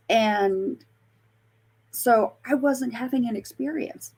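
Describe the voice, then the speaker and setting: Gravelly, husky woman telling a story. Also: medium pitch, fairly even intonation, normal speed, a little mellow. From Colorado. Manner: chatty, many fillers and self-corrections. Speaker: paranormal investigator guest. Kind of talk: casual storytelling interview.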